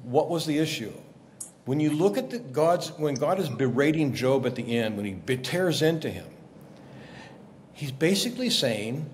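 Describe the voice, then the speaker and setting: A man, a guest journalist, explaining scripture in a lively conversational way, acting out quotes as he tells the story. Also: mid-range voice, moderate pace, slight background noise. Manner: animated storyteller, acts out quotes. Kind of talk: conversational Bible teaching.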